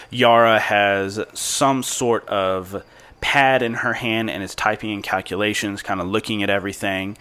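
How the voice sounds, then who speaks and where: A man's voice: on the low side, bright, forceful tone. A man narrating as game master of a tabletop role-playing game, describing scenes in an easygoing, descriptive way.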